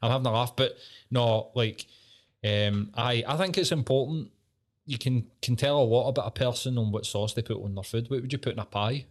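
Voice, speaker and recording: A man's voice: mid-range voice, fairly quick. A man with a Scottish accent hosting a podcast, bantering in casual chat, sweary and laughing often. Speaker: podcast host.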